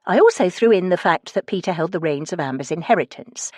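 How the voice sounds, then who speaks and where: A woman's voice: lowish voice, animated, fairly quick, no room sound, studio quality. Wry woman reading an audiobook. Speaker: audiobook narrator. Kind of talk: first-person scripted narration.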